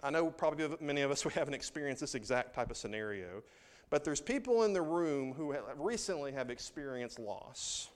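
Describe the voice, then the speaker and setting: Smooth-voiced man preaching a sermon. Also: a little high, lively intonation, fairly quick. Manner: conversational, swings from loud reading to hushed asides. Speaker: pastor.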